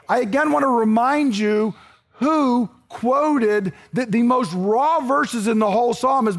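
A man's voice: very high voice, animated, normal speed. A man preaching a sermon in a conversational, emphatic way, often checking in with his listeners. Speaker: pastor.

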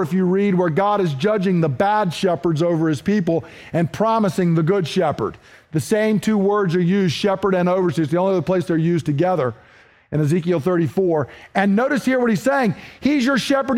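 A man preaching a sermon, earnest and questioning, moving between emphatic points and hushed, slowed lines. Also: high voice. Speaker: pastor.

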